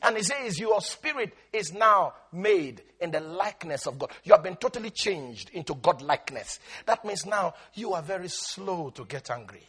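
High, husky-voiced animated male preacher. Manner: animated preaching, stretching words slowly, breaking into laughter. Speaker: pastor. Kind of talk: sermon.

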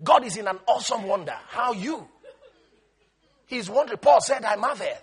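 Male preacher, very high sharp voice, breathy edge, sermon with call-and-response and shouted scripture. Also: animated, moderate pace. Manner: quotes scripture in King James wording. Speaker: pastor.

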